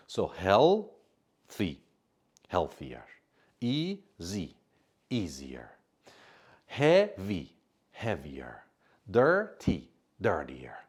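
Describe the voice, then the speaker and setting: Slow, deep-voiced male English teacher. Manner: slow, careful, stresses key words and pauses for answers. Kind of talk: grammar lesson.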